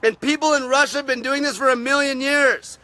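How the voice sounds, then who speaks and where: A man hosting a live stream, ranting aggressively and swearing constantly, his voice wearing raspy. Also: extremely high pitch, fairly even intonation, brisk, pushed and bright, no echo. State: voice getting raspy from talking. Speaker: fasting channel host.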